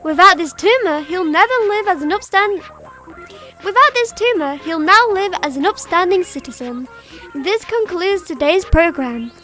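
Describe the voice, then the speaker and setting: A gleefully cruel girl host of a game show, mocking and coldly sweet, as a woman reads her lines aloud. Her voice sits very high and sing-song, teasing her victim. Faint game music plays underneath. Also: lively intonation, moderate pace, bright, forceful tone, exaggerated voice. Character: cheerful sadistic girl hosting a show. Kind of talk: reading game dialogue aloud.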